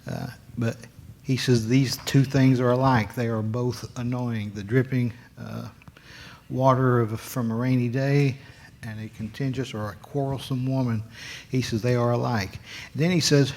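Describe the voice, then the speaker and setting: A man teaching a Sunday school Bible lesson in a church classroom, explaining verses in a halting, folksy way with many restarts. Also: medium pitch, steady tone, a little mellow.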